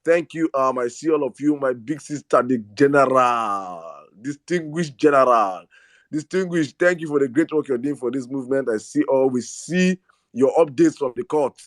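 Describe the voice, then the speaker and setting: A man's voice: medium pitch, fairly quick, darkish tone, no room sound, clean studio sound. A man with a Nigerian accent hosting a live online audio space, speaking with passion, often repeating words and slipping into Pidgin. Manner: impassioned, repeats words and restarts; slips into Pidgin. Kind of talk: rallying live-stream talk.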